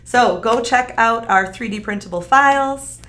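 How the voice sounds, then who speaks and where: A woman hosting a live stream demonstrates a craft kit, chatting cheerfully and casually with frequent fillers. She speaks a little slowly, her voice on the high side and a bit bright.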